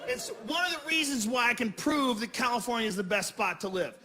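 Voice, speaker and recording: Loud, profane, high-pitched male comic on stage. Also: brisk, a crowd in the background. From Boston. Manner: loud, profane, acts out characters mid-bit. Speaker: stand-up comedian. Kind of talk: stand-up comedy set. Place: comedy venue on stage. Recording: live comedy club recording with reverb, audience noise.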